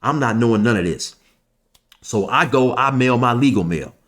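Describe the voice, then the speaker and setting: Man telling a story off the cuff, relaxed and chatty, mid-pitched voice. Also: normal speed. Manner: conversational, loose, with fillers and asides. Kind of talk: casual storytelling.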